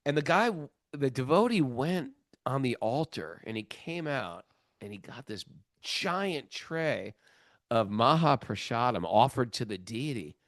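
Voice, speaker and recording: A middle-aged man tells a story on a podcast, acting out each person's lines in a lively, playful way. His voice sits at an ordinary pitch. The sound is dry and close, with no room around it. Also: moderate pace, no echo. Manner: animated storyteller, acting out quotes, laughs often. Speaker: podcast host. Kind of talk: casual storytelling on a spiritual podcast.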